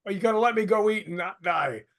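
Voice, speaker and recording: A chatty man, a guest on an interview show, spinning anecdotes in a loose, conversational way. His voice sits a little above the usual pitch for a man, and he breaks into laughter often. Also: fast talker, creaky, fairly bright tone. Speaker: paranormal investigator guest. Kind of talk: casual interview storytelling.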